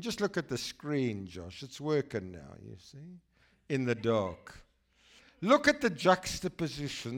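A man from South Africa giving an enthusiastic, chatty guest talk in church while showing slides. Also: mid-range voice. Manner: enthusiastic, exclaiming, chatty asides. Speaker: guest speaker.

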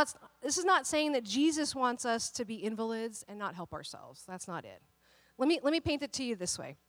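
Woman pastor, conversational sermon, lively, fairly high-pitched, dry sound. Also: dry recording. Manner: animated, conversational preaching with many restarts.

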